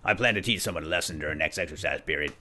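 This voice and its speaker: A man's voice: very deep voice, very fast, noisy background. A man hosting a video game let's play, casually commenting and playfully bantering with the characters. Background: game music.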